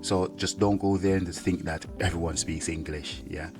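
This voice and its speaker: Deep-voiced soldier rambling casually. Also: male voice, steady tone, normal speed, over music. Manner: rambling, full of "yeah" fillers. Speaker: soldier and vlogger. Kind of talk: casual talk to camera.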